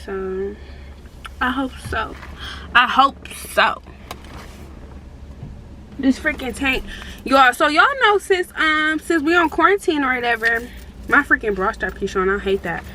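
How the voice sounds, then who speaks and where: A woman's voice: a little high, lively intonation, poor audio. A young woman vlogging from her car, talking bluntly and casually into a phone camera and swearing freely. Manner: chatty, blunt and heavily profane, drawn-out complaints. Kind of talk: casual vlog chatter. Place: in a car, on the road and at a gas station. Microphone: phone camera set up in the car. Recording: loud car and street noise. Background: car and outdoor traffic noise.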